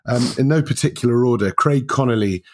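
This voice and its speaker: A man co-hosting a podcast in casual chat. He rambles, hesitates and restarts his sentences often. His voice sits at a middle pitch and is recorded close and dry, with no room sound. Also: brisk, no room sound. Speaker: podcast co-host.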